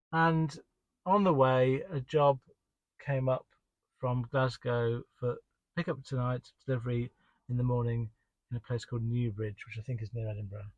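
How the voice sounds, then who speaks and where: A man's voice: medium pitch, no room sound, poor audio. A man working as a delivery driver tells the story of his day in a rambling, exasperated way, full of restarts and "um"s. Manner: exasperated, complaining. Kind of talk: casual spoken diary.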